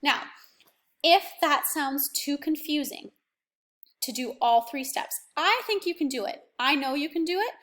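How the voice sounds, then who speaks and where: A young woman teacher giving a remote phonics lesson to children, patient and encouraging, stretching words out slowly. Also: high voice, fairly bright tone. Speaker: primary school teacher.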